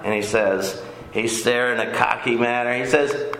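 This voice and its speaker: A man's voice: mid-range voice, steady tone, moderate pace, creaky, a crowd in the background. Folksy older man teaching a Bible class. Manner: folksy, rambling, repeats himself. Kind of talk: casual Bible lesson. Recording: echoey room.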